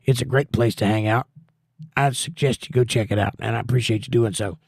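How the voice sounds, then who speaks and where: A man's voice: mid-range voice, steady tone, a little fast, creaky, breathy edge, no echo, clean studio sound. A middle-aged man hosting a casual livestream, reading viewer comments aloud in an easygoing, folksy way. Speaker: livestream host.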